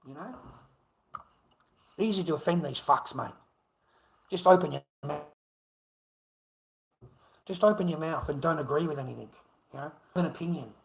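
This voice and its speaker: A middle-aged man with an Australian accent talks straight to his viewers in a loose, rambling livestream monologue. His voice sits a little high and comes across bright and forceful, and he keeps calling his audience mate between profanities. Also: rough recording.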